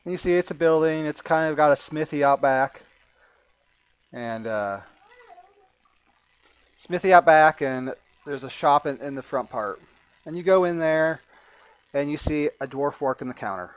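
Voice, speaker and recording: A man narrating as game master of a tabletop game, halting and full of fillers. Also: a little high, clean tone, no echo, muffled recording. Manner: halting, with many fillers and restarts.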